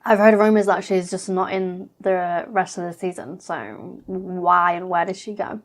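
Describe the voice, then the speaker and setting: A woman's voice: fairly low pitch, measured pace. A woman reacting to a reality TV episode in a blunt, chatty way, swearing freely. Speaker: reaction vlogger.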